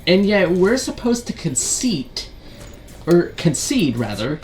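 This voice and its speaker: A man's voice: sits high, very animated, slow, a little mellow. A man ranting as a gaming video commentator, frustrated and profane, full of rhetorical questions and repeated fillers.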